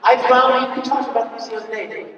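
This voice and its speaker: A man speaking as the guest voice actor at a convention fan panel, telling stories in an animated way and acting out examples, heard in an echoey hall from far off. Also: extremely high pitch, fast, lo-fi sound, over a noisy crowd, heavy background noise. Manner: animated, acts out examples with big swings.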